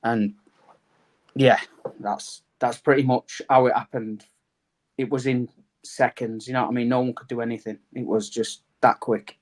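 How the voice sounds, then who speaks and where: A man, answering interview questions in a plain, steady way. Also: mid-range voice, normal speed. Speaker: podcast guest.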